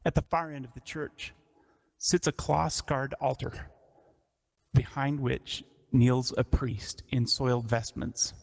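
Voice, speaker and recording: A man narrating a tabletop roleplaying game as dungeon master, describing scenes in a measured way. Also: mid-range voice, gravelly.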